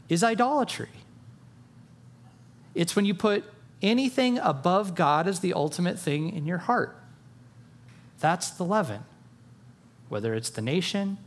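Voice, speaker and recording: A man preaching a sermon, earnest, dropping quiet for emphasis and rising for rhetorical questions. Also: sits high. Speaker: pastor.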